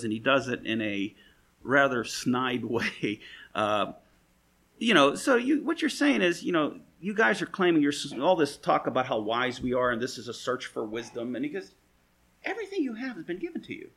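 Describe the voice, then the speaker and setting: Male Bible teacher: husky, gravelly mid-range voice, folksy and rambling, dry sarcastic edge. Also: medium pitch, fairly bright tone. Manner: folksy, rambling, full of "you know" asides. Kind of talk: conversational verse-by-verse Bible teaching.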